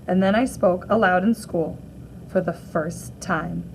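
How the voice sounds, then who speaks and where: A woman teacher reading a graphic novel aloud to children, gently reading out the captions and sound effects too. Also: fairly low pitch, a little slow, creaky, noisy background.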